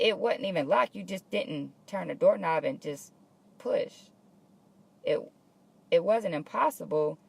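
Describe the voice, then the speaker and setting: A woman's voice: mid-range voice, creaky, slightly rough. A woman hosting a live morning motivational show from her workplace, talking casually and encouragingly to viewers and greeting them by name.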